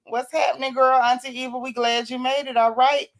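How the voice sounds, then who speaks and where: A woman's voice: sits high, little pitch movement, brisk. A sick, worn-out woman hosting a casual livestream, greeting her viewers by name in a folksy, teasing way and calling them sis and child. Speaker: livestream host.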